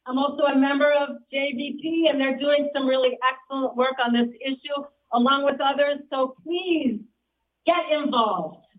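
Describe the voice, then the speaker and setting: A woman's voice: sits high, fairly even intonation, normal speed, narrow, tinny audio. A woman gives an earnest protest speech and introduces speakers at an outdoor rally. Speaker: rally emcee.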